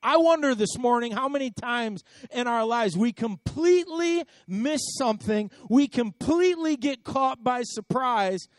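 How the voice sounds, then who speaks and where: A man's voice: extremely high pitch, expressive, unhurried, hardly any pauses, no room sound. A man preaching a sermon in a conversational storytelling way, often repeating words and swelling into emphatic bursts. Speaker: pastor.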